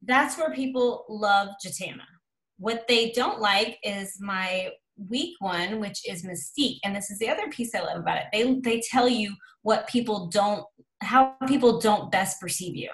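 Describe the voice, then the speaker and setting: A woman in her thirties giving an animated, chatty coaching talk on a team call. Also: mid-range voice, normal speed, reverberant, poor audio. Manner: lively, chatty, acts out quoted voices. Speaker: guest speaker on a team call.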